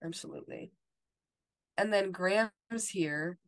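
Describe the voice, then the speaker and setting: Her voice is lowish and her speech a little slow as she co-hosts a podcast. The talk is a relaxed TV recap, full of "like" and "you know."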